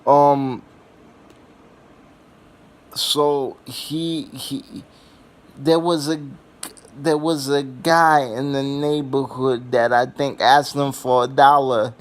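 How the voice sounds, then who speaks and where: A young man spins loose comic stories in an unhurried drawl, circling back with fillers and restarts. His voice sits a little high for a man, and he swears without a second thought. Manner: rambling and profane, with many fillers and restarts. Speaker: vlogger. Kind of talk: casual comedic storytelling.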